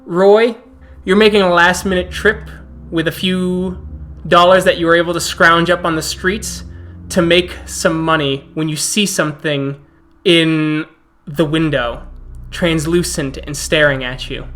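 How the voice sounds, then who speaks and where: A man narrating a tabletop role-playing game as game master, setting scenes in a calm, descriptive way. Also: on the high side, unhurried, soft background music.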